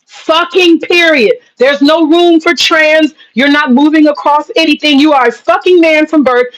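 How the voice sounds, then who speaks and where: A woman vlogger with a high-sitting voice launches into a heated opinion rant, speaking straight to her viewers. She's profane and emphatic, hammering her points through repetition and saying she's getting upset, all over dull audio.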